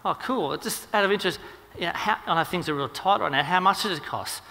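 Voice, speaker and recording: A man's voice: sits high, quick pace, creaky, sharp tone, in a large hall, exaggerated voice. A man playing a husband who keeps pressing for the price, then raises his voice in disbelief. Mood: prying. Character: shocked husband asking the price.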